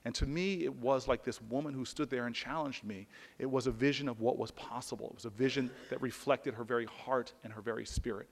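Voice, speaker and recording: A man tells a personal story to an audience in an earnest, searching way, often stopping to restart his sentences. His voice sits at a middle pitch for a man. A long reverb from a large hall trails every phrase. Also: fairly even intonation, brisk, gravelly. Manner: earnest, with frequent restarts and repeated words. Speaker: public speaker.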